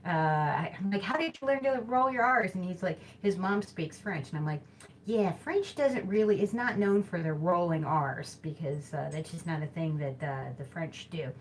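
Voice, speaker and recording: A woman's voice: low-pitched, moderate pace, a little mellow, slight background noise. Chatty Midwestern woman hosting a live show. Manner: chatty, rambling, self-correcting. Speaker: host of a live hula hooping show. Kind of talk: casual live-stream chat.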